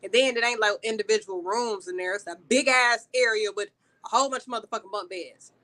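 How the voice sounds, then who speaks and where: Casting: bright, sharp-toned co-host, teasing and emphatic. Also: mid-range voice, fast talker. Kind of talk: casual chat.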